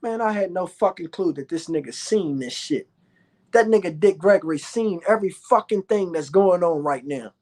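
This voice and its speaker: A man's voice: high-pitched, expressive, normal speed, a little mellow. A man delivering a boastful, profane vlog rant, repeating his lines for emphasis. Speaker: vlogger. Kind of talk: ranting vlog monologue.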